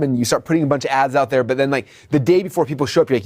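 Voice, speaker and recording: A man teaches marketing at a rapid clip, animated and playful. He slips into high put-on voices for shoppers and clerks. The sound is dry and close, with no room echo. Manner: animated, acts out customer dialogue in high voices. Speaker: marketing instructor. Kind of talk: whiteboard lecture.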